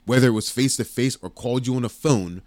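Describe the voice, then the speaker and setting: A man's voice: mid-range voice, fast, a little mellow, no echo. A man co-hosting a podcast, blunt and dry as he teases his friend. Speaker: podcast co-host. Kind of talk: casual podcast chat.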